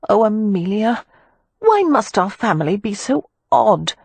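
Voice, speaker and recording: A woman's voice: medium pitch, big pitch swings, unhurried, vocal fry, a little mellow, slightly rough, no room sound, pitched above the performer's own voice, heavily acted. A woman voicing a frank, outspoken young woman who talks in a blunt, exasperated way in an audiobook. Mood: glum teasing.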